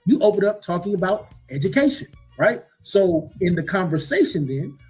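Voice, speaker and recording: Raspy husky guy in a stream debate, keeps repeating himself, mocking, cuts in nonstop. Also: high voice, very animated, moderate pace, darkish tone, soft background music. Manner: repetitive, mocking, keeps cutting in. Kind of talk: heated live-stream debate.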